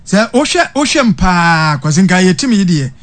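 A man's voice: sits high, sing-song, normal speed, fairly bright tone. A man chiming in with short agreements and remarks during a football chat. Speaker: co-analyst. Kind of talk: casual chat.

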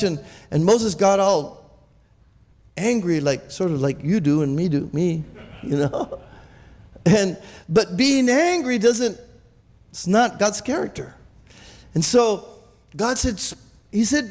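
High-voiced preaching man in a hall. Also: slow. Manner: animated preaching with many restarts and repeated "Amen?". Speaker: pastor. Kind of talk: sermon. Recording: echoey hall with long reverb.

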